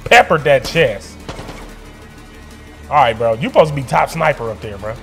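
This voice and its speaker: Excitable man narrating his gameplay. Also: medium pitch, normal speed, vocal fry, soft background music. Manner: animated, talks to himself and the game, slangy. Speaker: gaming streamer.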